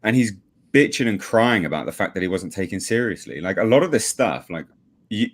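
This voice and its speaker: A man with a lowish voice that swings widely up and down as he rants. His commentary is blunt, sarcastic and full of swearing. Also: expressive, fairly quick. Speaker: regular panelist. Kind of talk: heated livestream commentary.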